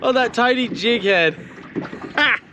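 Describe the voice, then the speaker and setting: A man giving excited, laughing commentary while fishing on a lake, talking to his viewers. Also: very high voice, a little slow, lo-fi sound. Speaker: fishing vlogger. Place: outdoors on a boat on a lake. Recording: noisy outdoor boat recording.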